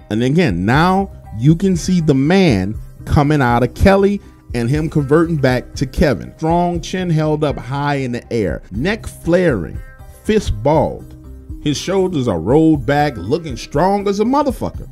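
A man telling his own story in a casual, animated way, swearing freely and talking straight to his listeners. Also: fairly high pitch, moderate pace, soft background music. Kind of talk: casual first-person storytelling.

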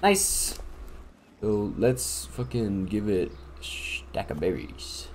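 A man's voice: lowish voice, takes it slowly, background noise. Hyped young man narrating his gameplay. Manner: excitable, hyped, swears freely, talks to himself and his game creatures. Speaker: gaming YouTuber and streamer. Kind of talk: casual let's-play commentary.

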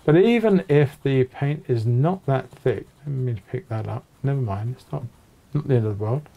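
A man narrating an oil painting tutorial from his small home studio, chatting in a relaxed way while he paints at his easel. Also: medium pitch, moderate pace, gravelly, dull audio. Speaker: painting teacher.

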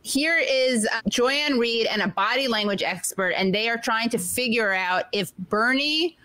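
A woman hosting a casual political chat show, joking and sarcastic, with quick asides. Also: fairly high pitch, pushed and bright, poor audio. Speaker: show host.

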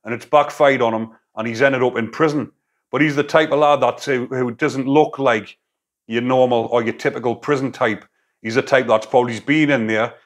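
A man with a medium-pitched voice and fairly even intonation speaks at a normal speed. A former prisoner and YouTube commentator, he delivers a blunt, casual opinion monologue full of prison slang.

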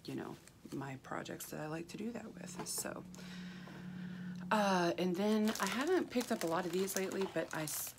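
A woman talks softly and casually, rambling through fillers and restarts. Her voice sits low and has a rough, froggy grain. A clear hiss runs under her voice, along with the crinkle of packaging. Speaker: craft haul vlogger. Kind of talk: casual chat.

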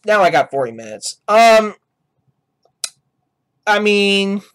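A man's voice: high voice, big pitch swings, takes it slowly, clean tone. A man vlogging casual reaction commentary for his gaming channel, rambling and restarting his sentences as he talks. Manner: rambling, restarts sentences, yells "no" and "ah" at loud sounds. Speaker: gaming YouTuber.

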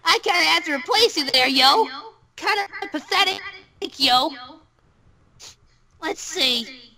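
A loud, excitable woman reading fan fiction in a casual group voice chat, peppering her talk with "yo". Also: high-pitched, slow pace.

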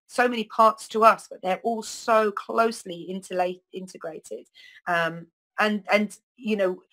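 Casting: middle-aged woman, slightly low voice, chatty wellness host who loses her thread and restarts. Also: fairly bright tone, low-quality recording. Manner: rambling, many ums and restarts. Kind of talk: casual spoken talk to camera.

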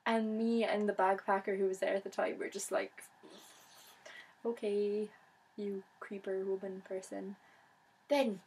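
Chatty young woman vlogger, flat pitch. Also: husky, low-quality recording. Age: young adult. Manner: chatty, bubbly. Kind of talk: casual chat to camera.

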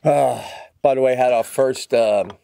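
A man co-hosting a podcast in casual chat. He tells animated stories, swears freely and says "bro," jumping into loud high-pitched outbursts. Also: unhurried, creaky, slight background noise. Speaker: podcast co-host.

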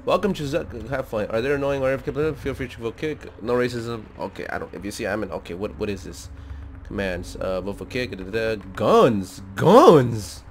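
A man hosting a gaming channel, giving let's-play commentary in an excitable, slangy way and jumping into loud outbursts. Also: on the low side, fairly quick, slight background noise.

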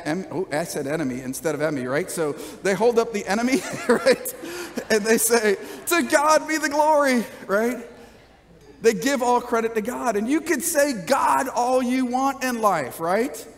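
A man's voice: very high voice, in a large hall. A man pastor preaching a sermon in a conversational style, often checking in with the congregation with "right?" and light jokes. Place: church sanctuary.

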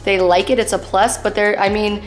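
A woman's voice: mid-range voice, level tone, a little fast, faint music behind. A young woman, a vlogger and pet owner, chatting upbeat and casually to her viewers at home. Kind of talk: casual vlog chat.

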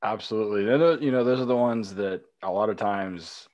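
A man with a very deep voice hosts a casual podcast chat. He talks in a relaxed, loose way with plenty of fillers, and the sound is close and dry. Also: a little fast, dry recording, lo-fi sound. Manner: relaxed, chatty, laughs easily. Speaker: podcast host, police dog handler.

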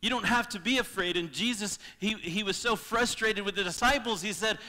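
High bright-voiced man preaching a sermon. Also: brisk, few pauses, long reverb tail. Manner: impassioned, swings between loud and hushed. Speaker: pastor. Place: church sanctuary.

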